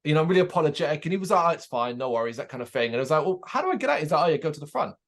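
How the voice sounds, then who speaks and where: A man talks at a quick clip in a fairly high voice as he co-hosts a casual chat. He tells his story with energy, acting out the people in it and swearing freely along the way. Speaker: podcast co-host.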